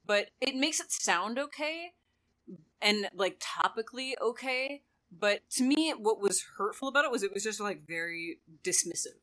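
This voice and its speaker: Bright-voiced speaker in casual talk. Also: medium pitch, expressive, moderate pace, low-quality recording. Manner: conversational, hesitant, with fillers. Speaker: podcast co-host. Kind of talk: casual discussion.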